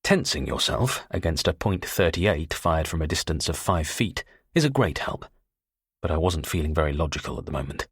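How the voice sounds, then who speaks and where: A man narrating a thriller audiobook in the first person, tense and measured. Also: rumbling low, lively intonation, slightly rough, dry recording, studio quality.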